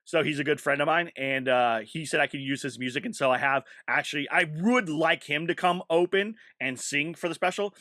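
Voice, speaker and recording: Bright, animated high-voiced man. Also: no room sound, studio quality. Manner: animated, laughs often, quick asides. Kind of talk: casual podcast chat.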